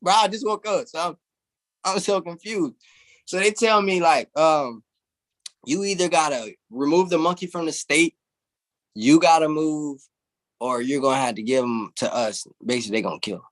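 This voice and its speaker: A young interview guest recounts a long story, animated and casual, laughing and swearing freely. His voice is a little high and his pace moderate.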